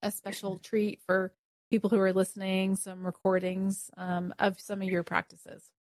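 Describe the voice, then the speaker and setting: A woman's voice: medium pitch, monotone, moderate pace, darkish tone, dry recording. Friendly woman podcast host. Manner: friendly and appreciative. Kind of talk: interview chat.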